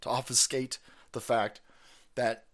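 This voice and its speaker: A man's voice: medium pitch, little pitch movement, a little slow. A man ranting profanely and mockingly on his own stream as its host, laughing often. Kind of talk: profane political rant.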